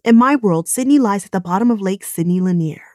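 A woman voicing an earnest young woman pleading with a friend, emphatic and raised a little in pitch. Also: lively intonation, a little fast, darkish tone, no room sound, clean studio sound, lightly acted.

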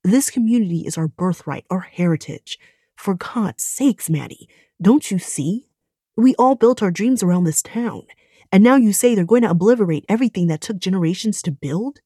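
A woman's voice: mid-range voice, lively intonation, normal speed, warm tone, breathy edge, no room sound, clean studio sound. A woman voicing a stubborn young man who is defiant and indignant about his hometown, in a storybook reading.

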